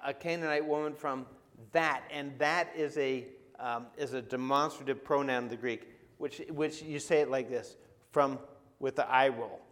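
A long reverb tail follows this pastor's medium-pitched, fairly bright voice. He delivers his sermon conversationally and regularly questions his listeners.

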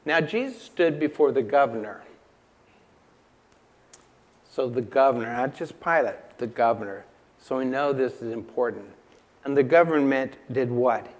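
A man preaching a sermon in a church, emphatic and unhurried, asking the congregation rhetorical questions and repeating key lines. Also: mid-range voice. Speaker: pastor.

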